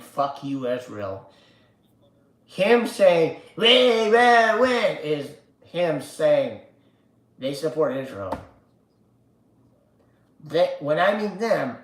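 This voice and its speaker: A man hosting a casual livestream, ranting slowly and profanely and chanting slogans. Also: medium pitch, echoey room. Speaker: livestream host. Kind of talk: casual political livestream rant.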